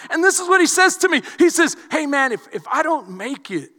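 A man from Houston preaching a sermon, telling a story that swings from quiet asides to shouted emphasis. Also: very high voice, very animated, brisk, few pauses, big-room sound. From Houston, Texas. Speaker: pastor.

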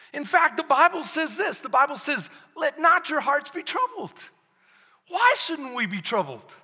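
High, bright-voiced preacher, man. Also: long reverb tail. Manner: preaching with call-and-response amens, swings from loud to hushed. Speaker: pastor. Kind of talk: sermon.

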